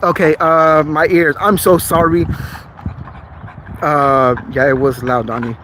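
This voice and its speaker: A man's voice: fairly high pitch, fairly even intonation, slow pace, fairly bright tone, a little hiss or hum, rough recording. A man in a casual livestream chat with viewers, chatty, earnest and apologetic. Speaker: vlogger.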